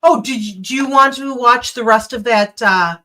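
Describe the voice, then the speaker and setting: A woman's voice: on the high side, moderate pace, pushed and bright. A woman with a Minnesota accent hosting a casual late-night livestream chat from home, joking, laughing and swearing freely. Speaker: livestream host.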